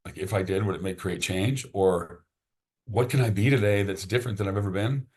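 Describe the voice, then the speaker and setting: Guy on a podcast, lowish voice, excited and rambly, keeps restarting sentences. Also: a little fast. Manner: enthusiastic, rambling, repeats words when starting sentences. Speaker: podcast guest. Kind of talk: casual podcast conversation.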